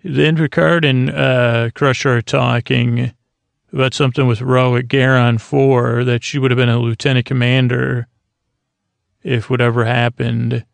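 Host for a sleep-story podcast: a man with a very gravelly, monotone voice, halting and meandering, dry close sound. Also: medium pitch, no echo. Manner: halting, meandering, full of filler pauses. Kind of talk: rambling sleep-story episode retelling.

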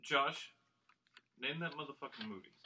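A man, acting as game host, leads a casual party game among friends on a podcast, explaining the rules and reading movie quotes in a flat monotone. His voice is medium-pitched at normal speed, with slight background noise.

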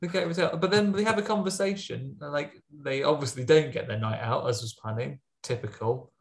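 Gravelly man recapping a film. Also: on the high side, fairly quick. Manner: rambling, chatty retelling of a film plot. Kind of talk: casual chat.

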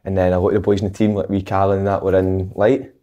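A man's voice: deep voice, level tone, quick pace, dark tone, dull audio. A man rambling through a memory in casual chat. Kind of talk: casual storytelling.

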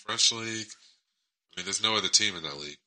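A man's voice: lowish voice, brisk, very noisy. A man in casual chat, teasing and joking with the others.

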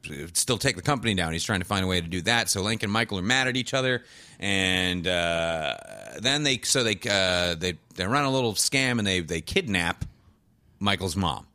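A man's voice: sits low, lively intonation, normal speed, bright, forceful tone, dry recording. A man casually recapping a TV show on a podcast, rambling, swearing and laughing often. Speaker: podcast co-host.

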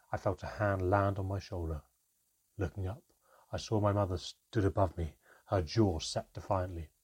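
A man reading a fantasy story aloud, slowing down for dramatic moments. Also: deep voice, a little mellow, husky. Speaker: narrator. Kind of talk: scripted story narration.

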